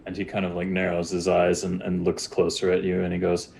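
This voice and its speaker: A man guides a tabletop game as game master, talking loosely and chattily through each scene. His voice sits on the low side. A faint rumble runs beneath the recording. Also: monotone, brisk, vocal fry, few pauses, a little mellow. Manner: casual, filler-heavy narration.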